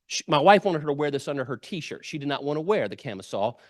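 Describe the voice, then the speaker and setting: Man, middle-aged, storytelling speech, animated, dry close sound. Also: fairly high pitch, quick pace, no room sound. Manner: lively anecdotal storyteller, acts out quotes. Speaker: guest speaker. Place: club meeting room.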